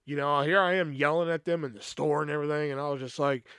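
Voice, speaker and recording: A man's voice: a little high, steady tone, fast talker, a bit bright, clear, resonant tone, dry recording, studio quality. A man hosting a podcast, casually telling a personal story in a rambling, profane way, full of "you know" and stammered restarts. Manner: retells past conversations with restarts and stammers.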